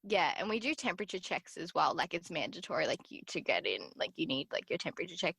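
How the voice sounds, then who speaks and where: A young woman chats casually on a podcast, telling stories with plenty of fillers and restarts. Her voice is bright and a little sharp. The sound is dry and close to the mic. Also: fairly low pitch, very animated, fast talker, gravelly, husky, no echo. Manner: chatty, filler-heavy storytelling. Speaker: podcast guest. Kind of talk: casual chat.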